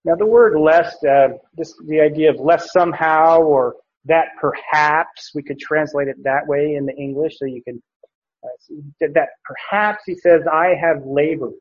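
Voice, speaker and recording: Man, preacher, verse-by-verse bible teaching, unhurried, husky, fairly high voice. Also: fairly even intonation. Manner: unhurried, with frequent fillers and restarts. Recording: dull lo-fi recording.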